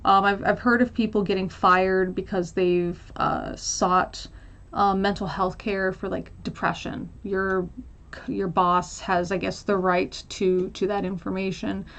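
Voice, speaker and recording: A woman's voice: mid-range voice, fairly even intonation, slow, creaky, fairly bright tone, muffled recording. Chatty American woman livestreaming. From United States. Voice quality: chatty, laughs often, many fillers and trailing asides. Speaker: livestream host answering viewer questions. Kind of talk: casual chat.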